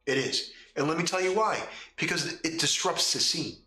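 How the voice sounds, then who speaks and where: Male host and game master, bright, emphatic, repetitive, echoey room. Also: a little high, expressive, normal speed. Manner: emphatic, repetitive, rhetorical questions. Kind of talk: casual opinion talk.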